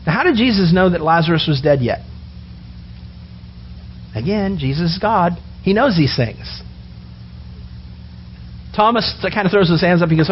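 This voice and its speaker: A man preaching a sermon, animated and storytelling, acting out the characters' words as he goes. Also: high voice, normal speed, pauses often, slight background noise. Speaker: pastor. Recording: dull lo-fi sound with faint ambience.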